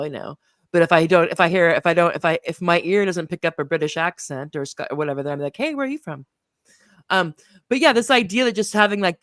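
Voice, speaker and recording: Halting podcast host, dry sound. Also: medium pitch, fairly bright tone, no echo. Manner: halting, many restarts and "mm" backchannels. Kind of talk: casual podcast conversation.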